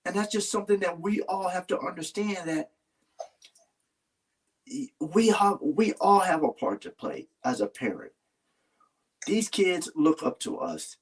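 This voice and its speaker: A man's voice: sits high, sing-song, measured pace, pauses often, breathy edge. A man talking earnestly in a casual heartfelt conversation, rambling and restarting his sentences. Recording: voice a little far from the mic.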